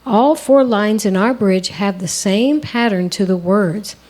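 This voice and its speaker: A woman with a mellow, medium-pitched voice co-hosts a songwriting lesson. She explains things step by step in a conversational, instructional way.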